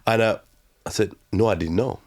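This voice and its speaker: Low-voiced guy from uganda telling his story, lots of um you know and restarts, kinda slow going. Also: a little mellow. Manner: halting, many fillers and restarts. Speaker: guest. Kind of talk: storytelling interview.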